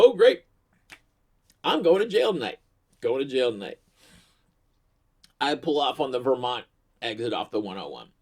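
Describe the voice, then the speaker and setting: Rambling, foul-mouthed middle-aged man telling a funny story to the camera. He talks loosely and casually and pokes fun at himself as he goes. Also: medium pitch. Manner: profane, rambling and self-mocking. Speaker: vlogger.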